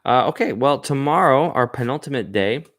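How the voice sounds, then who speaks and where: A man's voice: medium pitch, lively intonation, moderate pace, fairly bright tone, dry recording. A man hosting a poetry reading show, talking casually and thinking aloud about the poems. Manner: thinking aloud, musing, with restarts. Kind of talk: casual spoken commentary on poems.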